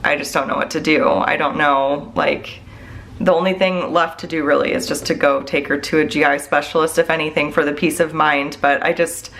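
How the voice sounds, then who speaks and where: A woman with a somewhat low voice chats openly with her viewers as a mom and budget vlogger. Her talk wanders, full of "like" and "I don't know." She comes across as worried and unguarded. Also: steady tone, normal speed, fairly bright tone. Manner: rambling, heavy use of "like" and "I don't know"; candid and worried. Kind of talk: casual chat to viewers.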